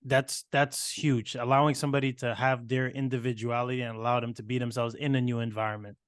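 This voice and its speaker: A man's voice: mid-range voice, flat delivery, brisk, no room sound. Podcast host: man, casual, fumbles toward his questions, dead-dry recording. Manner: searching, hedging questions with many fillers. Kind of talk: casual interview talk.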